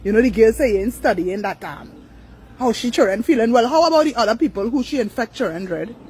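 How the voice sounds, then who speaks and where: A woman's voice: a little high, animated, fast, darkish tone, a little hiss or hum, rough recording. An older woman, ranting on a live stream, blunt, profane and repetitive. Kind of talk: angry live-stream rant.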